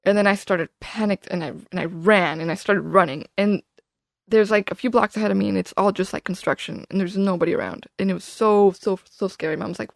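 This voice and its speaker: A woman telling a story in a casual podcast chat, rushing on with lots of "like" and restarts. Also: medium pitch, creaky, dry recording, studio quality. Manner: rapid, animated, full of "like" and restarts. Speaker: podcast guest.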